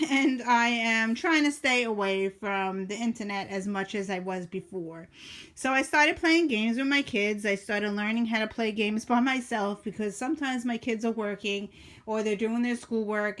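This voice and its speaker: A woman's voice: a little high, moderate pace, fairly bright tone. A middle-aged woman casually flipping through her journal and talking about it, chatty and rambling with many fillers and restarts. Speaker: journaling vlogger.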